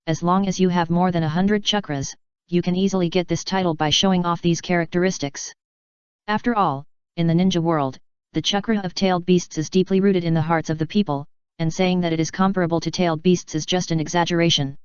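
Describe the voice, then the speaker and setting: A woman reads a novel aloud in steady, scripted audiobook narration. Her voice sits a little low and comes across very smooth and clean. The recording is dry and close, with a slightly dull, muffled tone. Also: a little fast, dry recording.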